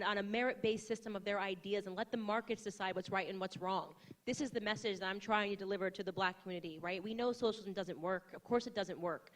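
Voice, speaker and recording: An American woman in her thirties giving a combative, rousing political speech to a crowd. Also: medium pitch. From United States. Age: 30s. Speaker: political commentator speaking to a crowd.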